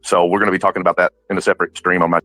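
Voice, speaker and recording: A man's voice: deep voice, flat delivery, very fast, bright, forceful tone, no echo, soft background music, rough recording. A man hosting a livestream, upbeat, thanking donors and addressing the chat. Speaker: livestream host.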